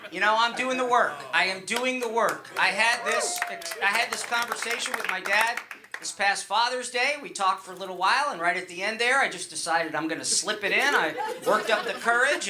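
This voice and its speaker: A man's voice: high-pitched, a little fast, background noise. A middle-aged man from Long Island performing a stand-up comedy set on a club stage, rambling loosely with fillers and restarts. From Long Island, New York.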